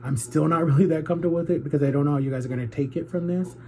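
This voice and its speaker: Man, 30s, mellow tone, candid confessional vlogger, heartfelt and earnest. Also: a little high, racing. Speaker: YouTuber. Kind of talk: confessional vlog.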